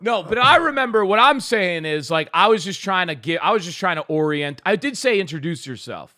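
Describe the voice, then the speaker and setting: A man spins a story on a comedy podcast, acting out his own lines with an animated, laughing delivery. His voice is bright and forceful, sitting a little high. The sound is close and dry. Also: a little fast, no echo. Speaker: podcast co-host.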